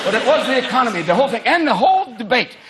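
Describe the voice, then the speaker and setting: A man from the United States doing a stand-up comedy set on stage, animated, shouting out impressions of politicians. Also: extremely high pitch, rapid-fire, slightly rough. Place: large theatre before a live audience. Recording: loud crowd laughter and noise.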